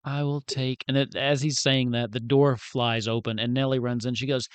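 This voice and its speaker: A man narrating a tabletop game as game master in an animated, chatty way. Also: medium pitch, moderate pace, hardly any pauses, clear, resonant tone, dry recording.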